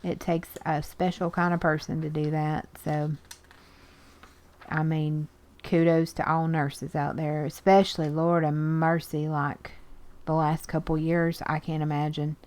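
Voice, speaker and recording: Slow-talking woman, low voice. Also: flat delivery, darkish tone. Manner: chatty, exclaims over pictures, reads snippets aloud. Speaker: art journaling video host. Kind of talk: casual chat while sorting magazines.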